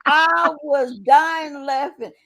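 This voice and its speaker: A woman host in a casual gossip chat, excitable, stammering and swearing freely. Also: sits high, drawn-out words. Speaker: channel host.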